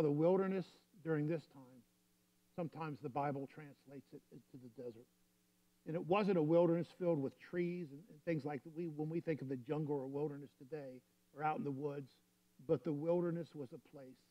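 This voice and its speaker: A man's voice: a little high, muffled recording. A male pastor preaching a sermon in a conversational, storytelling way.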